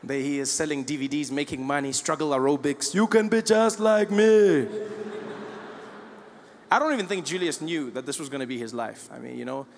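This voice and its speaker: A man's voice: mid-range voice, quick pace, gravelly, few pauses. A stand-up comedian from South Africa in his thirties, telling stories animatedly and acting out voices and siren noises at a live show. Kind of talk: stand-up routine. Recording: live show in a large reverberant hall with audience noise.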